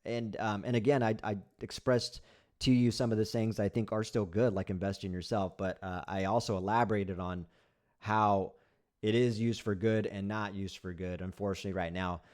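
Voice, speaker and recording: A man's voice: lowish voice, fairly even intonation, moderate pace, darkish tone. A man hosting a casual live stream, bluntly critiquing sayings and answering chat comments, repeating himself with many fillers and restarts. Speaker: livestream host.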